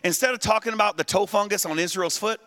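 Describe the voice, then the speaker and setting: A middle-aged man preaching a lively, humorous sermon, shouting at peaks and drawing the crowd to answer back. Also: high voice, fast talker. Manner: animated, humorous, shouts at peaks, invites responses. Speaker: guest preacher.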